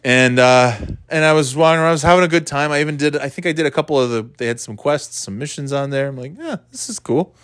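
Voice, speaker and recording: A man casually rambling about video games as a dad, cussing freely and breaking into loud mock quotes. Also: a little high, fairly even intonation, quick pace, few pauses, clean tone, no echo, studio quality.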